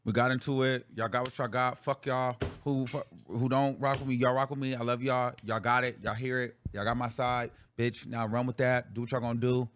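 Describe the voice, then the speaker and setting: A man's voice: medium pitch, flat delivery, a little fast, few pauses, a bit bright, slight background noise. A man hosting a livestream, talking casually and bluntly to his viewers with plenty of profanity. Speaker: livestream show host.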